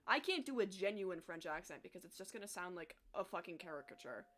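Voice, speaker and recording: A woman's voice: fairly low pitch, animated, fast talker, fairly bright tone, a little hiss or hum. A young woman chatting casually with her live chat while she draws, talkative and self-deprecating, swearing freely. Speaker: streamer drawing live.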